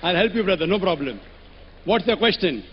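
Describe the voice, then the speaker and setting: Lecturer, man, high pitch, firm and pressing, dull lo-fi sound. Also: lively intonation, fairly quick, a little hiss or hum. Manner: firm and pressing, keeps saying "brother". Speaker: lecturer answering questions. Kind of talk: public debate Q&A. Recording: echoey hall, dull lo-fi sound.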